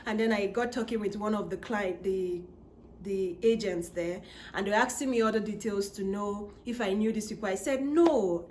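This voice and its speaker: A woman vlogger telling a personal story in a casual, animated way, acting out her own replies. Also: a little hiss or hum. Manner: animated, acts out her own quoted replies with rising pitch. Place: living in Canada.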